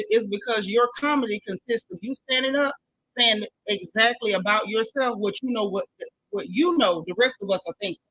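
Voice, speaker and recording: A woman's voice: fairly high pitch, a bit bright, a little hiss or hum, rough recording. A woman hosting a casual gossip commentary show, reading out live chat and speaking in a sassy, blunt manner, often repeating lines for emphasis. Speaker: commentary channel host.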